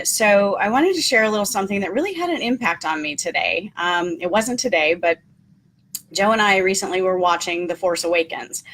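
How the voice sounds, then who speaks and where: A woman with a fairly low, slightly bright voice hosts a casual live stream, with a little background noise. As a motivational host, she speaks earnestly and encouragingly, saying "um" a lot and repeating her key points.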